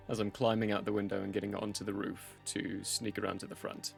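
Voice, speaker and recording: A man's voice: on the low side, flat delivery, quick pace, gravelly, soft background music. An easygoing, joking man from the United States, chatting casually as a player in a tabletop game.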